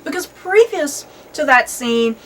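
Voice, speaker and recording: A woman's voice: a little slow, slight background noise, low-quality recording. A woman hosting a casual chat about a film, laughing often and talking animatedly. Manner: chatty, laughs often, lively swings in pitch. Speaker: host.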